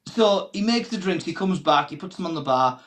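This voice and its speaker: Comedian telling a lively anecdote. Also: male voice, high-pitched, fairly quick, slight background noise. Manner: animated anecdote teller, acts out quoted voices. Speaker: comedian guest. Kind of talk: storytelling in a panel chat.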